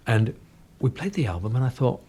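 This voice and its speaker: A man's voice: medium pitch, sing-song, brisk, warm tone, husky. A man in his sixties from North London, with an English accent touched by Cockney and a little northern, telling anecdotes in a chatty, self-deprecating way in a radio interview. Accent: English, slightly Cockney and northern. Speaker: guest singer. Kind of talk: casual interview chat. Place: radio studio.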